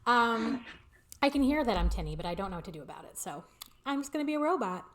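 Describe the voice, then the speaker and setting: A woman's voice: on the high side, big pitch swings, quick pace, fairly bright tone. A woman hosting a casual live-streamed chat show from her apartment, chatty and a little flustered, her voice tinny and echoey through a home computer microphone. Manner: chatty, flustered by audio problems, laughing. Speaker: podcast host. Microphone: computer microphone on a video call.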